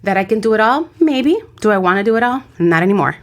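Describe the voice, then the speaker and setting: A woman's voice: mid-range voice, expressive, fast. A woman co-hosting a casual podcast chat, chatty and laughing, dropping in Spanish phrases. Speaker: podcast co-host.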